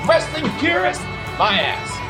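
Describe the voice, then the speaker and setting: A woman's voice: high voice, big pitch swings, unhurried, music in the background. A woman in heated wrestling banter, mocking and indignant.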